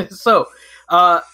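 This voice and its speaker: A man co-hosting a casual gaming livestream, relaxed and explaining game mechanics at length. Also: sits high.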